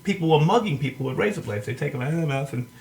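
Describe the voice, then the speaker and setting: Gravelly man with a New York accent. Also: on the high side, racing. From Long Island, New York. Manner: animated storyteller, laughs often. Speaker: magician guest. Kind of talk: casual chat.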